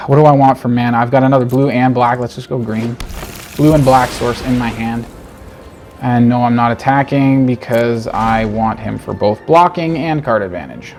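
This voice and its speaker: A man's voice: medium pitch, normal speed, soft background music. Male gamer muttering through a card game. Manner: animated, talks to himself, frustrated jokes. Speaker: game streamer. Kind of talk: gameplay commentary.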